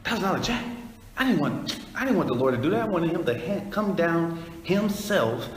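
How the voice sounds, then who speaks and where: A man's voice: sits high, sing-song, moderate pace, pitched above the performer's own voice. A man voicing an ungrateful grown man who complains in exasperation, recorded in an echoey hall. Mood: indignant. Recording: echoey hall, faint noise.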